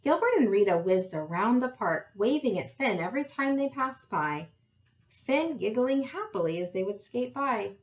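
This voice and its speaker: A woman reading a picture book aloud to young listeners, expressive and adding friendly asides. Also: on the high side, normal speed. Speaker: storybook reader.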